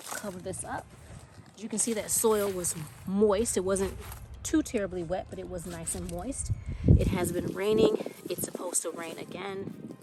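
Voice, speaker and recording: A woman's voice: on the low side, heavy background noise. A woman vlogging in her garden, chatting and thinking aloud as she plants potatoes. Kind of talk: casual garden walkthrough. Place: outdoor garden. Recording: music bed under voice. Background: music.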